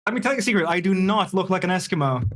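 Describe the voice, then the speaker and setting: A man's voice: sits high, animated, rapid-fire. A man chatting on a livestream, incredulous and swearing casually.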